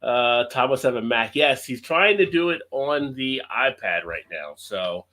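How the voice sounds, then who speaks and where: Upbeat male live-stream host, bright, cheerful, talks to his webcam from home. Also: medium pitch, expressive, unhurried. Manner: upbeat, greets viewers by name, laughs often. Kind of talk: casual live stream chat. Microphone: webcam close up.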